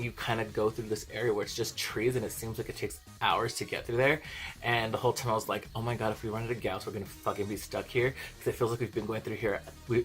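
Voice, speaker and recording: Man, young adult, vlogger, casual storytelling, profane, laughing, rapid talk. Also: lowish voice, fairly bright tone. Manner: profane, chatty, laughs often. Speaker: beauty vlogger.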